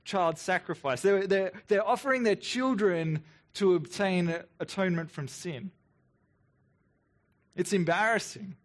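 An earnest male pastor with a fairly high voice delivers a reflective sermon. He talks in an unhurried, thoughtful way, with mocking rhetorical asides. He often repeats his words as he works through each point. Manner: earnest, reflective, with quick sarcastic asides when voicing the people.

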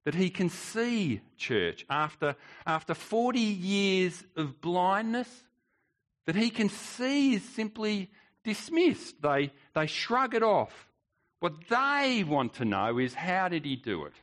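A man's voice: high-pitched, sing-song, takes it slowly, a bit bright. A male pastor preaching a sermon, emphatic, with rhetorical questions and repeated words.

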